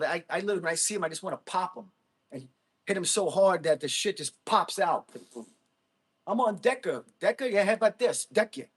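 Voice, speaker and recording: Livestream host, New man, husky higher voice, blunt, mocking, quick to laugh. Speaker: livestream host reading chat. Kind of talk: casual livestream rant. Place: gym.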